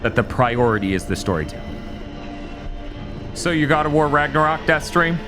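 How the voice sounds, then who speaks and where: A man's voice: a little high, lively intonation, normal speed, over music. Rambling man co-hosting a game stream. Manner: rambling, swearing, loose storytelling. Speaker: streamer co-host. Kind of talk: casual stream chat.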